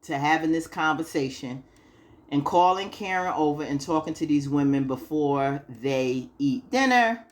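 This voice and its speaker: A woman's voice: low-pitched, expressive, unhurried. Chatty woman recapping a TV episode. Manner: chatty, acts out characters' lines, frequent laughs. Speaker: TV recap vlogger.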